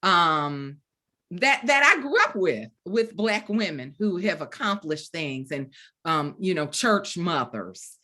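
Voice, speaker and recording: Woman, fifties, from the deep south, low voice, animated storyteller, author talking about her book. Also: slow. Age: 50s. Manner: animated storyteller, acts out quoted dialogue, laughs often. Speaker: author guest. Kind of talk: storytelling in a virtual book event chat.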